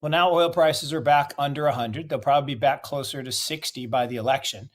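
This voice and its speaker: A man's voice: medium pitch, brisk. A middle-aged man from the United States answering interview questions in a blunt, emphatic way, often asking rhetorical questions. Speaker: investment guest.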